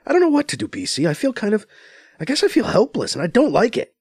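A man voicing a high, distraught young woman. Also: wildly swooping pitch, fast, darkish tone, breathy edge, dry recording, clean studio sound, exaggerated voice. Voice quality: high, strained and emotional. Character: grieving, sharp-tongued young woman scientist.

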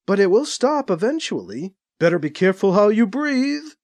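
Creepy alien tormentor, slow and repetitive, read by a man, high and sing-song. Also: sing-song, darkish tone. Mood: taunting. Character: sinister male alien tormenting a trapped man.

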